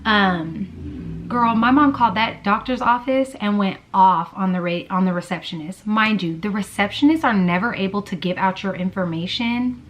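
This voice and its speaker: A woman's voice: mid-range voice, normal speed, slight background noise. A woman vlogger telling a personal story in a casual, chatty way, full of fillers and blunt swearing. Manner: chatty, lots of "like" and "girl", swears freely.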